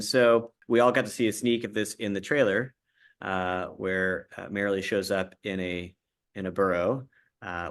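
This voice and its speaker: A man hosting a livestream interview with cast members, talking haltingly with many fillers and restarts. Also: fairly low pitch.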